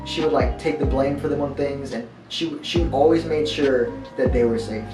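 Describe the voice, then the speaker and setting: A man's voice: medium pitch, fairly even intonation, normal speed. Earnest young man in a roomy space. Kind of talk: casual talk about his girlfriend. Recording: roomy, distant, music behind.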